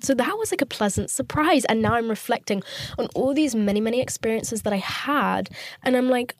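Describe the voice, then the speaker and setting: A woman's voice: on the high side, animated, fast talker, no echo, clean studio sound. A woman in her twenties, hosting a podcast from her parked car, telling a candid, profane story in a chatty way. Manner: candid, chatty and profane, acting out quoted voices. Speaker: podcast host. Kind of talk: casual storytelling monologue.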